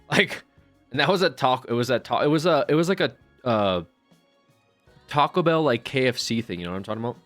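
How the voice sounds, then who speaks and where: A man's voice: medium pitch, animated, a little fast, long pauses, a bit bright, no echo, faint music behind. A man streaming live, chatting casually and rambling with profane jokes to his chat.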